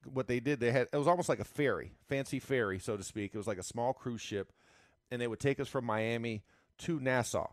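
A man from Florida in casual chat, telling stories in an animated way and laughing often. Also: medium pitch, brisk, dry recording, studio quality. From Florida, USA.

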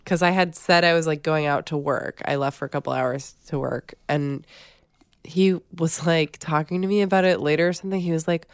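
A woman in her thirties with a somewhat low voice, chatting casually as a podcast co-host. She laughs often and fills her talk with "like" and "so." The recording is dry and close. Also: steady tone, brisk, no room sound. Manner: laughs often, talks with fillers. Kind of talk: casual chat.

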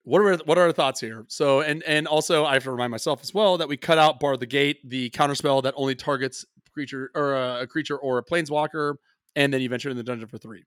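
Podcast host guy, bright punchy voice, rambly and self-deprecating, dry close mic. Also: mid-range voice, fast talker, no room sound. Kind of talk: casual chat.

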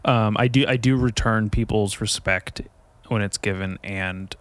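A man's voice: on the low side, a little slow, a little hiss or hum. A man hosting his own podcast in casual chat, joking and mischievous, rambling as he talks. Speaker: podcast host.

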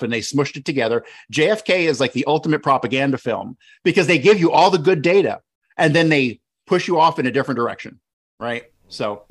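Rambling, casual man host. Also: medium pitch. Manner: loose, restarting, with lots of "uh" and "right?". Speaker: podcast host. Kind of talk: casual talk.

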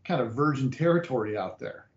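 A man's voice: mid-range voice, expressive, a little fast, reverberant, dull audio. A man hosting a casual chat, reflective and rambling with restarts.

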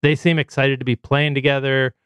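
A man's voice: medium pitch, flat delivery, a little fast, a bit bright, clean tone, no room sound, clean studio sound. A man hosting a casual sports podcast, chatty and reeling off player stats with plenty of fillers. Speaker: podcast host.

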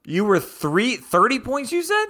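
A man's voice: extremely high pitch, huge pitch swings, measured pace, bright, forceful tone. A man co-hosting a podcast in casual banter, teasing and joking with the others. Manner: teasing, jokey. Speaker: podcast co-host.

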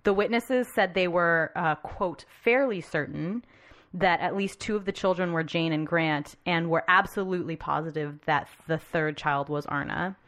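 A woman's voice: fairly low pitch, moderate pace, fairly bright tone. A woman podcast host recounting a case in casual, conversational storytelling with frequent fillers.

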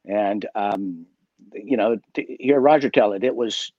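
A guest magician tells a story over a video call in a lowish voice at a measured pace, chatty and full of fillers, restarts and laughs. The recording is dry and dull.

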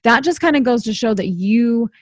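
A woman's voice: fairly high pitch, expressive, moderate pace, dry recording, studio quality. Empathetic woman host asking questions. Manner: probing, empathetic, leads with questions. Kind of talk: interview conversation.

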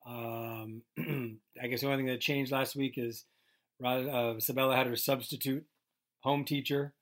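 A man's voice: mid-range voice, level tone, normal speed. A man co-hosting a casual podcast from a closet at home, telling stories in a rambling, joking way. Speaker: podcast co-host. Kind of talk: casual chat.

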